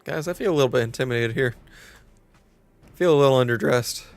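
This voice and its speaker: A man's voice: medium pitch, brisk, creaky, no echo, soft background music. A man chatting casually with viewers while streaming a game, chatty and self-teasing. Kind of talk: casual gameplay commentary.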